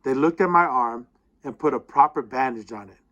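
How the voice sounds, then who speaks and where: A man reading a student's personal essay aloud, with expressive storytelling that slows down at the tense moments. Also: medium pitch, muffled recording.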